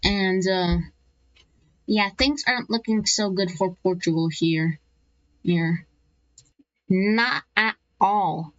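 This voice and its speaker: A woman casually narrating over an animated map, rambling and correcting herself as she goes, slipping into playful asides. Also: mid-range voice, slow pace, pauses often, dry recording, lo-fi sound.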